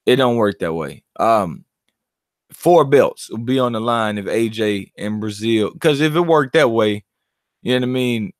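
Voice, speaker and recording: A man's voice: fairly low pitch, measured pace, dry recording, studio quality. A man hosting his own channel, giving casual, profane, laughing commentary on boxing. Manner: animated, profane, laughing banter.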